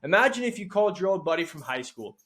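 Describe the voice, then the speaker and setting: A fairly high-voiced man coaching telesales agents. He speaks with blunt, casual energy and lets a swear word slip now and then. When he acts out the calls, his tone turns bright and rises at the ends. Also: sing-song, fast talker. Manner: acts out phone lines with a bright, rising tone. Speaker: sales trainer. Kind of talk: instructional video talk.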